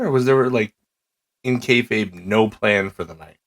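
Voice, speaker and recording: A man's voice: medium pitch, a little slow. A man co-hosting a podcast, casually chiming in with short comments on wrestling. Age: adult father. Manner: relaxed, chimes in with brief comments. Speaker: podcast co-host.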